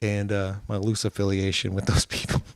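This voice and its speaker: A man's voice: lowish voice, completely flat delivery, brisk, clean tone, no echo, clean studio sound. A man hosting a podcast in casual chat, sarcastic and crude, swearing freely. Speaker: podcast host.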